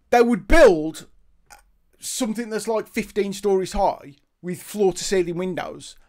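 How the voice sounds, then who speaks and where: Man telling a laughing anecdote. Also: high voice. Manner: animated, laughing anecdote-teller who acts out quotes. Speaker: podcast co-host. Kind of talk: casual storytelling chat.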